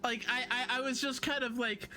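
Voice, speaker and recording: A woman's voice: on the high side, fairly even intonation, normal speed, pushed and bright, a little hiss or hum. A young woman from England with a southern English accent, chatting casually while live-streaming a game, giggly and self-deprecating.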